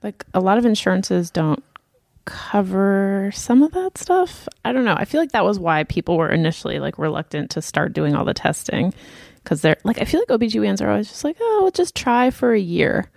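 A woman's voice: medium pitch, expressive, a little fast, gravelly, a little mellow, no room sound, studio quality. A woman co-hosting a casual podcast, easygoing and chiming in with agreement and advice. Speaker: podcast co-host.

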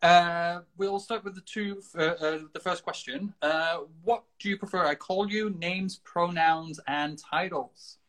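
A man's voice: high-pitched, steady tone, unhurried, few pauses, fairly bright tone. A man hosting a casual video-call interview, friendly and chatty with many fillers. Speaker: podcast host.

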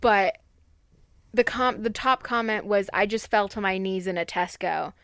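A woman's voice: mid-range voice, a little slow, fairly bright tone, dry recording, clean studio sound. A woman in casual chat, playful and giggly, jumping from topic to topic.

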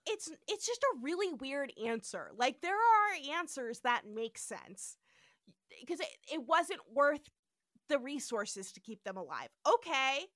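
A woman co-hosting a casual podcast, recapping the plot with lots of energy. Her voice sits high and swings widely as she acts out the characters' quoted lines. The sound is close and dry, with no room around it. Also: sing-song, a little slow, fairly bright tone, dry recording. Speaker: podcast co-host.

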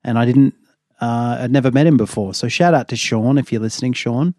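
A man co-hosting a podcast, his voice a little raspy after a long day, talking in a rambling, casual way and laughing often. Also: medium pitch, a little fast, mellow, no echo, clean studio sound. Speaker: podcast co-host. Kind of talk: casual chat.

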